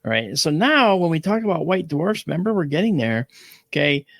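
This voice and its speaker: A man's voice: a little high, very animated, a little fast, fairly bright tone, no room sound. A man hosting an astronomy show, explaining in a casual way with analogies and frequent check-ins. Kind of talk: casual educational talk.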